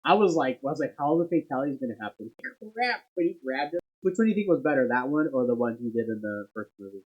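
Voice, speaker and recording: A man co-hosting a casual podcast chat, excitable and animated as he tells stories. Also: mid-range voice, fast talker, slightly rough, lo-fi sound. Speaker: podcast co-host.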